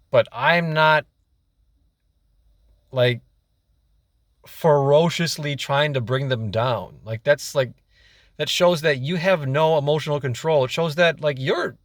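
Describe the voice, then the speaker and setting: A man's voice: medium pitch, no room sound, studio quality. A young man ranting casually to camera as a vlogger, exasperated and rambling, repeating himself and swearing.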